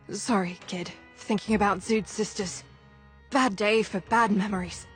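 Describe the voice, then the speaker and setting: An actress playing a gruff, seasoned woman who leads a workers' union in a video game; she talks in blunt, clipped, weary lines. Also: medium pitch, steady tone, slow, soft background music, lightly acted. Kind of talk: video game character dialogue.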